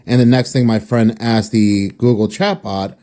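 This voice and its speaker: A man narrating a cautionary story in casual commentary, steady in his retelling. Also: fairly low pitch, normal speed.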